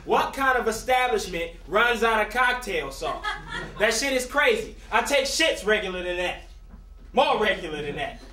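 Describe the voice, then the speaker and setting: A man's voice: high-pitched, expressive, moderate pace, sharp tone. A man playing a grumpy, self-absorbed rap star who talks crude and petulant, recorded on an echoey stage from a distance.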